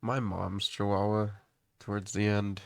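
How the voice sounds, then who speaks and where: A man's voice: on the low side, flat delivery, unhurried, vocal fry, no echo. A man co-hosting a podcast in casual chat, blunt and swearing heavily. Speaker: podcast co-host.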